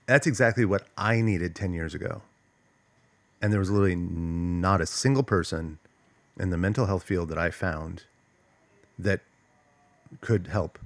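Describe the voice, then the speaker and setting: Middle-aged male host, very low voice, emphatic casual delivery, dry room. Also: dry recording. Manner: emphatic, conversational, frequent "like" and "right?". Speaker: host, trauma coach. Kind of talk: solo talk to camera.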